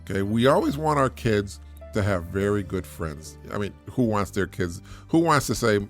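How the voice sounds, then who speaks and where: Earnest middle-aged man with lively pitch. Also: moderate pace, soft background music. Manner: earnest and repetitive, laughs often, many restarts. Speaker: podcast host, single father. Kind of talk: solo podcast monologue.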